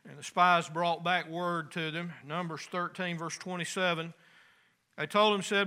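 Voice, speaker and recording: Bright, clear-voiced preaching man. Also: fairly high pitch, steady tone, a little slow. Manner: folksy, conversational preaching with homespun asides. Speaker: pastor. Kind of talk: sermon.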